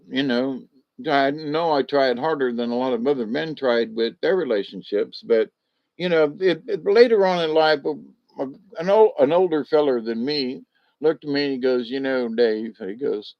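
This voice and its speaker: A man's voice: fairly high pitch, moderate pace, muffled recording. An older man, talking in a rambling, folksy monologue full of restarts and fillers.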